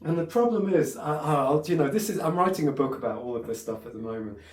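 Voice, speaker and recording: A man's voice: on the high side, expressive, quick pace, darkish tone. A man giving a piano lesson, talking in a chatty, digressive way with many fillers and restarts. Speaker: piano teacher. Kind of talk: piano tutorial. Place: room with a piano. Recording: roomy, a bit far from the mic, piano in the room. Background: piano playing.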